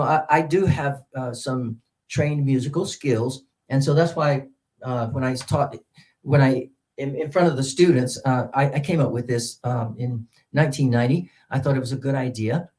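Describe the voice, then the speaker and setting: Middle-aged male teacher trainer, dark warm tone, chatty presenter with fillers. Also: medium pitch, low-quality recording. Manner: explanatory, repeats example words, many fillers.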